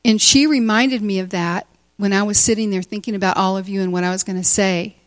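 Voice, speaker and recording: A woman in her sixties telling a personal story to a church gathering, animated and often laughing. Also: medium pitch, a little fast, no room sound. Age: 60s. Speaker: teacher speaking at a church retreat.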